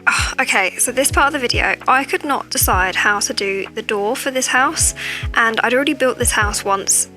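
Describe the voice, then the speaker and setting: A woman's voice: fairly high pitch, normal speed, soft background music. A woman with a chatty manner, keeping her voice down as she records a casual voiceover on a cheap, tinny microphone at home late at night. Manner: talking quietly, chatty. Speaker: gaming video creator.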